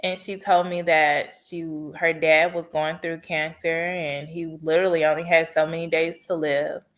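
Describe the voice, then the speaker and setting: A woman's voice: sits low, flat delivery, moderate pace. Earnest woman sharing a heartfelt testimony. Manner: earnest, heartfelt storytelling with faith encouragement. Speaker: podcast host. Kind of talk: personal testimony monologue.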